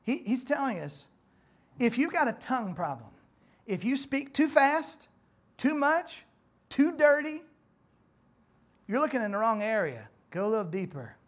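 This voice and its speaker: A man's voice: very high-pitched, very animated, unhurried, pauses often, fairly bright tone. A man preaching a sermon, emphatic, with rhetorical questions and repeated phrases.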